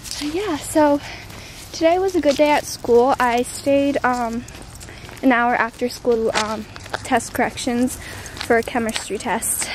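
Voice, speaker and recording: A teenage girl talks to her camera on a walk, casual and full of ums, a little out of breath. Her voice sits high. Steady outdoor noise runs behind her. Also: measured pace. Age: teens. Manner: chatty, many ums, baby-talk to her dog. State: out of breath after a run. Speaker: vlogger. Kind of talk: casual vlog chat.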